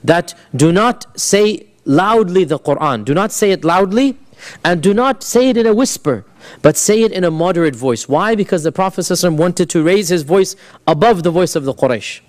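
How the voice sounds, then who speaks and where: A man teaching a history class in a relaxed, conversational way, his voice sitting a little above the usual male range. He asks his students questions and slips Arabic phrases into his English. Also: high-pitched, fairly quick. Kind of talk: classroom lecture.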